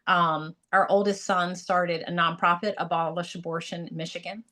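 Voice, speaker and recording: A woman's voice: fairly low pitch, fairly even intonation, normal speed, pushed and bright. A middle-aged woman chatting on a video call, talkative and full of fillers. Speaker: call participant. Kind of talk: casual chat on a video call.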